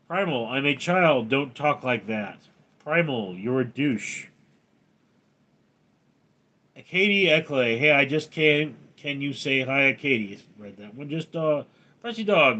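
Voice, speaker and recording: A man hosts a casual livestream, reading out viewer names and questions and then joking back at them. He speaks slowly and deliberately. His voice sits a little high, with a bright, forward tone. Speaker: livestream host.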